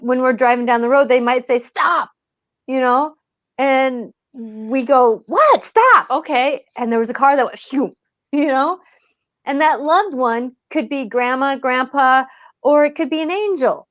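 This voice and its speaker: Medium woman, higher voice, dry sound. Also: moderate pace, no room sound. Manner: earnest, gently reassuring, acts out quoted messages. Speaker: spiritual medium. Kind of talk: panel discussion.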